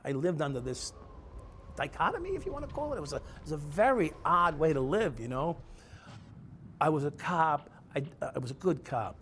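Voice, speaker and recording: A man's voice: on the high side, very animated, moderate pace, fairly bright tone, slight background noise. A middle-aged man, a former police officer telling his own story in a blunt, profane, confessional way. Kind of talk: candid storytelling. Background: music playing.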